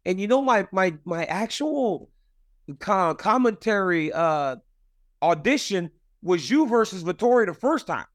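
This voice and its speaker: A man's voice: high-pitched, lively intonation, a little slow, dry recording, studio quality. A man in his forties interviewing a guest in a casual, friendly, emphatic conversational way. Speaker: interviewer and fight analyst.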